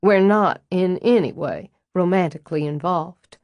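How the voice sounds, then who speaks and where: A woman reads a poised older Southern woman in a storybook audiobook, with a low and dry voice. She is blunt and wryly amused, and she never hurries to soften her words. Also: measured pace, dry recording, lightly acted. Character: frank, wry, elegant older Southern woman estate owner.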